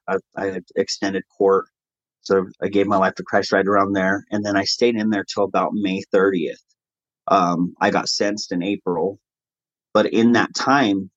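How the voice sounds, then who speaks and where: Earnest man telling his story, low voice. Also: dry recording, highs cut off. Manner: earnest, animated when quoting others. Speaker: interview guest. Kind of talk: conversational storytelling.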